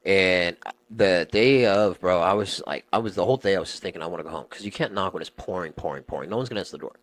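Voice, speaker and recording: A young man, a podcast guest, telling stories in animated, slangy casual chat and swearing freely. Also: sits low, fast talker, dry recording.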